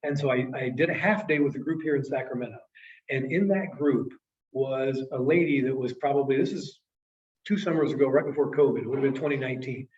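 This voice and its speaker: A man's voice: mid-range voice, a little fast, a little mellow. A man in his late fifties, a sales trainer telling an emotional story to a class in an earnest way. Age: 50s. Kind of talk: storytelling presentation. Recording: echoey, distant, dull room sound.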